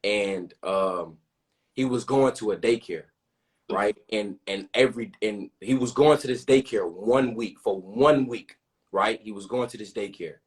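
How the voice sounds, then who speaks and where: A young podcast host with a low-ish voice tells a personal story openly and earnestly, speaking a little slowly. He often repeats himself and keeps asking "you know what I'm saying."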